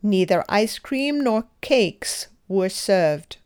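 A woman reads out grammar drills at an unhurried, measured pace, leaving room for repetition. Her voice is smooth and crisp, and every word is carefully enunciated. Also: mid-range voice, lively intonation, a little mellow. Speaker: English teacher. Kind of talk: slow scripted grammar drill.

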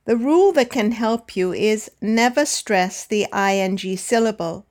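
Woman, language teacher, unhurried and exact, mid-pitched voice. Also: darkish tone. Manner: slow, careful, deliberate enunciation. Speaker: English pronunciation teacher. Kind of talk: scripted pronunciation lesson.

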